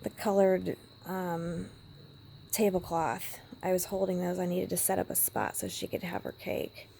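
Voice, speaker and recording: A woman vlogger telling a personal story with emotion, now and then dropping to a hushed whisper. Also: lowish voice, measured pace, vocal fry, a little hiss or hum. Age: adult parent.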